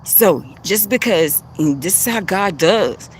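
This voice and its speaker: A woman's voice: fairly low pitch, animated, takes it slowly, slight background noise. A woman giving an impassioned spiritual talk as a livestream host, preachy and repetitive. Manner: passionate, preachy, repeats herself.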